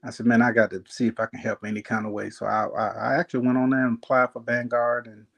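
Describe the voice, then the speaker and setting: A man's voice: medium pitch, level tone, fast talker, fairly bright tone. A man telling a long story in casual chat, acting out voices and laughing often.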